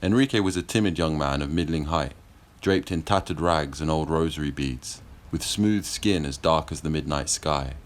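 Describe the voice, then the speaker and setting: A man reading a historical fiction audiobook in a measured, steady storytelling manner. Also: rumbling low. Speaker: audiobook narrator. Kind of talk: scripted narration.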